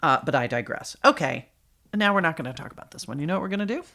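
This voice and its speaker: A woman's voice: low voice, lively intonation, fast, vocal fry, sharp tone. A middle-aged woman hosting a podcast, chatting casually and laughing easily. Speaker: podcast host. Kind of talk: casual chat.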